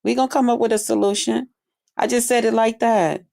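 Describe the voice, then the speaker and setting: A woman's voice: on the high side, brisk, creaky. A woman hosting a casual livestream chat, talking bluntly and animatedly. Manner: blunt, animated, mimics sounds and voices. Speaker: livestream host.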